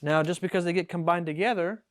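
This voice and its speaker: Speaking fast in a high-pitched voice, a man leads an Arabic classroom lesson for his students. He patiently explains vocabulary, reads sample sentences aloud, and frequently asks "right?" to check understanding.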